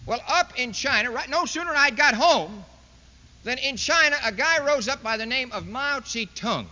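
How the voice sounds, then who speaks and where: Man, bright piercing high voice, lively swoops, sarcastic emphatic lecture speech, dull old hall recording with long echo. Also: moderate pace. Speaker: political speaker addressing a university audience. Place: large university hall. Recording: dull lo-fi 1960s archival recording in an echoey hall.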